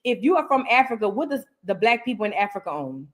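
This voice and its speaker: An American woman hosts a reaction show, firing off heated commentary on viewer comments and repeating her lines for emphasis. Her medium-pitched voice is sing-song and she talks fast.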